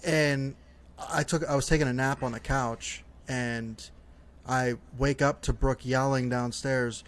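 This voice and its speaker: A man's voice: medium pitch, fairly even intonation, moderate pace. A young man co-hosting a podcast in casual chat, laid-back with dry jokes. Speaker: podcast co-host.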